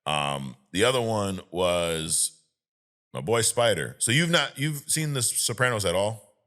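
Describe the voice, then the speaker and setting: A man in a casual podcast chat, swearing freely and retelling movie scenes with lively energy. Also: on the low side, a little slow. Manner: profane, animated storyteller who acts out scenes. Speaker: podcast co-host.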